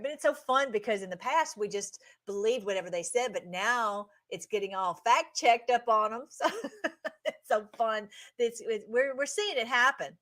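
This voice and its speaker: A woman's voice: a little high, a bit bright. Effusive woman hosting a livestream. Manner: effusive and emotional, many restarts and fillers. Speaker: livestream host commenting on clips. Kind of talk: casual livestream commentary.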